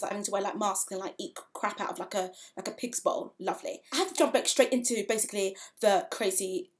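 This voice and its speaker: A young woman giving a casual spoken review of a TV episode, chatty and frank, with playful asides and lots of fillers. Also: mid-range voice.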